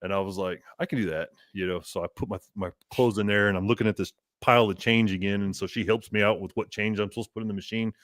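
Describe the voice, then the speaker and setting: A man's voice: lowish voice, fairly even intonation, fast talker, few pauses, a bit bright. A man telling a road-trip story on a podcast, laughing often and acting out both sides of the conversation. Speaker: podcast guest. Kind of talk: casual storytelling.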